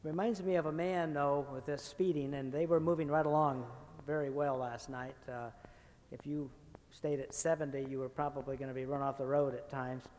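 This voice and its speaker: A guest preacher with a fairly high, steady, slightly mellow voice delivers a sermon at a moderate pace, folksy and anecdotal, joking with the congregation before turning to Scripture. The church sanctuary gives a long reverb, with a little hiss or hum.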